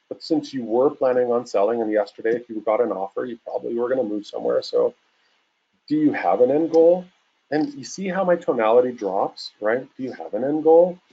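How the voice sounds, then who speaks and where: A man in his forties giving a casual webinar talk as a real estate coach, acting out phone calls in a lively way. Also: mid-range voice, husky, muffled recording. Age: 40s. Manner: casual, animated, acts out calls.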